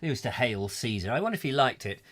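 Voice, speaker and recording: A man's voice: medium pitch, big pitch swings, fast, fairly bright tone. Middle-aged guy rambling on a live stream, punny, voice swoops up and down a lot. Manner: rambling, punning, bursts into silly voices and song. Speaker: host of a comedy live-stream chat show.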